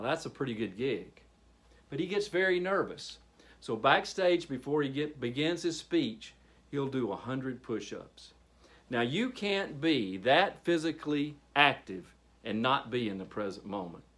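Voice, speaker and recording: A man leading a workshop on handling speaking anxiety, addressing a group and pausing for effect. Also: mid-range voice. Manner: animated, addressing a group, with pauses. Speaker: training facilitator. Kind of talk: public speaking workshop presentation.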